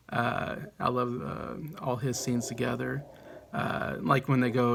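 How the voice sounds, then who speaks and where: A man's voice: medium pitch, gravelly, fairly bright tone. A man in his thirties, a movie vlogger chatting casually to camera, rambling and enthusiastic, with frequent self-corrections. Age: 30s.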